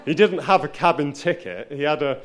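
A man with a slightly high voice tells a personal story live on stage. His delivery is wry and self-mocking, and he often stumbles and restarts sentences as he goes. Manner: self-deprecating, wry, halting with frequent restarts. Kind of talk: live spoken-word storytelling.

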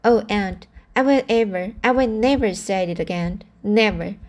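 A woman reading aloud and voicing a small, earnest, mischievous boy who pleads and confesses in a hurried way. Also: medium pitch, lightly acted.

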